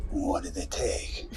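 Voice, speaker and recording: An actor with a Scottish accent playing a gruff, grandfatherly old navy hero in a live-action series. He speaks slowly and dryly.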